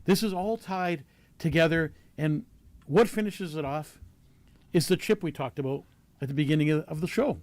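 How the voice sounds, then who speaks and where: A man's voice: fairly high pitch, moderate pace, a little mellow, no echo. A man hosting a talk show, asking earnest questions with many fillers and restarts. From Canada. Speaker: show host. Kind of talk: casual talk show discussion.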